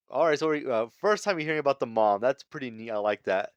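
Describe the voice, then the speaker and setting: A man hosts a relaxed manga chapter recap in a smooth, resonant voice. He rambles along with frequent chuckles and filler words, and the recording sounds dry and close. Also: mid-range voice, fast, hardly any pauses, no echo, lo-fi sound. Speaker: manga reviewer.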